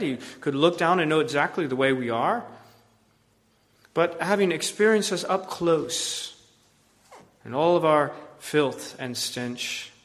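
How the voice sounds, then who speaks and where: Male preacher, earnest, loud peaks and hushed drops, higher-pitched voice, echoing hall sound. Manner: earnest, swings between loud emphasis and hushed low phrases. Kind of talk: sermon. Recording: long hall reverb.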